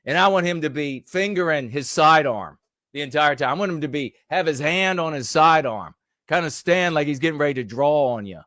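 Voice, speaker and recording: Male commentator, higher-pitched, scornful ranting delivery, dry close sound. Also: expressive, brisk, a bit bright, dry recording. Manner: angry, mocking, with many fillers and restarts. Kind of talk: ranting commentary on a news clip.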